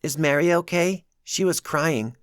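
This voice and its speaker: A man voicing a small, curious young girl who asks soft, worried questions. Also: on the high side, a little slow, clear, resonant tone, no echo, clean studio sound, voice pushed up.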